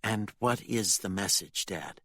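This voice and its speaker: A man reading an audiobook voices a defiant teenage girl who quietly provokes her father with pointed questions. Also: fairly low pitch, a little slow, no room sound, studio quality. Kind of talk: audiobook character voice.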